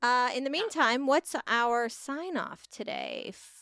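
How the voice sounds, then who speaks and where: A woman's voice: sits high, a little slow, a bit bright, no room sound, clean studio sound. A woman co-hosting a podcast, reading promotions in a casual, rambling way with jokes. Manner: rambling promo reads with fillers, joking. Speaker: podcast co-host.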